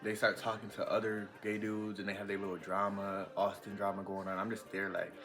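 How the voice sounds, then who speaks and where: A young man telling a casual storytime vlog, chatty and animated with lots of fillers. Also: on the low side, a little fast, over music. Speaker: vlogger.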